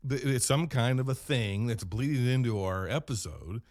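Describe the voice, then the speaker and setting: A man hosting a podcast, rambling through a comedic in-character monologue with deadpan storytelling and self-corrections. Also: mid-range voice, moderate pace, no room sound, studio quality. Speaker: podcast host.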